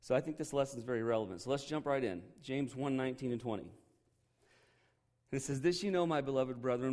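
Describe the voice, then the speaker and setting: A man teaching a Bible lesson as a relaxed, joking sermon. He talks to listeners like a friend, drops in quick asides and checks in with "okay" and "right". He slows down on the words he wants to stress, with a mid-range voice. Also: mid-range voice.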